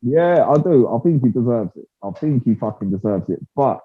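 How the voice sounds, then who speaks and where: A man, chatting about fights in a loose, slangy and animated way. His voice sounds a little husky. The audio is narrow and tinny, like a phone line. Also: mid-range voice, normal speed. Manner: slangy, animated, peppers speech with "bruv". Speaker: podcast co-host. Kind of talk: casual fight-talk chat.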